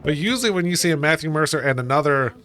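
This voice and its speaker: A man's voice: fairly high pitch, animated, fast, fairly bright tone. A man streaming a video game, rambling casually with restarts and hummed filler. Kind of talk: casual gameplay commentary. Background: game music.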